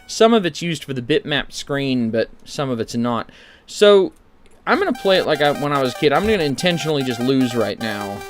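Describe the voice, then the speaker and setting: A man's voice: mid-range voice, very animated, a little fast, faint music behind. A man giving casual, rambling commentary while playing an old computer game, with sarcastic asides. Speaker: streamer.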